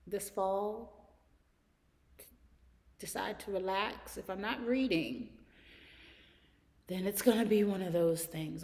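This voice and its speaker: A woman's voice: medium pitch, vocal fry. Chatty woman podcaster in a reverberant room. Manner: chatty, laughs often, drawn-out repeated phrases. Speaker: podcast host. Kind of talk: casual solo podcast chat. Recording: long hall reverb.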